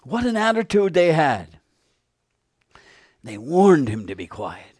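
A man preaching a sermon, retelling a Bible story with animated, fervent emphasis. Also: fairly high pitch, slow pace, long pauses, breathy edge, dry recording, studio quality.

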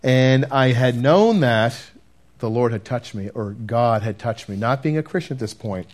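A man preaching a sermon and telling his testimony earnestly, talking straight to the congregation and dropping to a hush at key moments. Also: mid-range voice, animated, normal speed. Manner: earnest, addresses listeners directly, swings from loud to hushed.

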